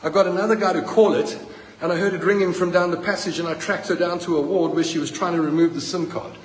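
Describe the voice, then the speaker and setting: A man's voice: sits high, steady tone, fast. A man, filming himself on a phone in a hospital ward as a patient, speaking bluntly and with indignation and repeating himself when he gets worked up. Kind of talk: angry phone-video rant. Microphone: phone held by the speaker. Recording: echoey ward with long reverb and faint noise.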